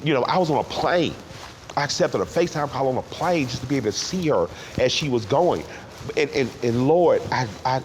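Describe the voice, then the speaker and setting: A middle-aged man from Atlanta, talking candidly and emotionally in a sit-down interview, with halting restarts. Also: medium pitch, animated. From Atlanta, Georgia. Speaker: interview guest. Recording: roomy hall with faint background noise.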